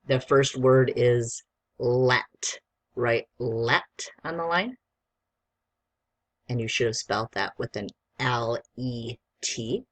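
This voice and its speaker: Slow, patient teacher spelling words aloud. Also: medium pitch. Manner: slow, deliberate dictation, spelling words out letter by letter; encouraging, patient instructions to a young student. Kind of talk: spelling dictation lesson.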